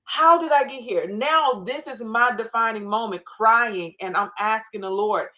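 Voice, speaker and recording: A woman's voice: fairly high pitch, measured pace, bright, forceful tone, low-quality recording. A middle-aged woman telling her faith story in an interview, emphatic, with her own past prayers acted out in quotes. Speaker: guest. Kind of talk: faith-based interview talk.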